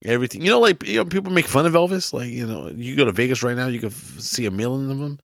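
A man's voice: mid-range voice, lively intonation, fast talker, vocal fry, a bit bright, dry recording, clean studio sound. A young man as a podcast guest, chatting casually and enthusiastically, full of slang. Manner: slangy, enthusiastic, says bro a lot. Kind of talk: casual chat.

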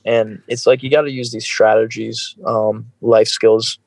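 A man's voice: fairly low pitch, a little slow, no echo, low-quality recording. A man chatting casually as a podcast host, swearing freely and acting out the people he quotes. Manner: profane, animated, acts out quoted people. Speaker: music video director.

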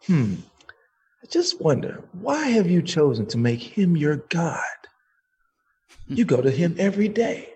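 A man voicing God as a calm, knowing male spirit who chides and swears, speaking slowly and higher than his own voice. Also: breathy edge, exaggerated voice. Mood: teasing. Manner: slow, teasing, profane.

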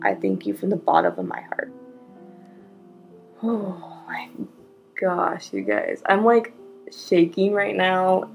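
A woman hosting a podcast, reading a listener's story aloud and breaking off now and then to react in hushed asides. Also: lowish voice, gravelly, poor audio. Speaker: podcast host.

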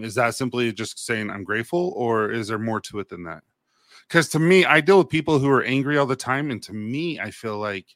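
A middle-aged male podcast co-host with a bright, forceful voice tells animated stories in casual chat and laughs easily. The sound is dry and close. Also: on the low side, no echo.

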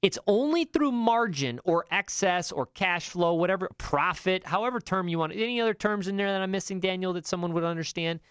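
A man's voice: sits high, fairly quick, few pauses, a bit bright, smooth, no echo, studio quality. A middle-aged man hosting a talk show, giving emphatic, coaching money advice with many fillers and restarts. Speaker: podcast host.

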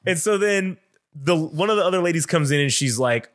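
A man's voice: on the high side, brisk, fairly bright tone. A man hosting a podcast, telling a story in casual chat, swearing freely and acting out what other people said. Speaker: podcast host.

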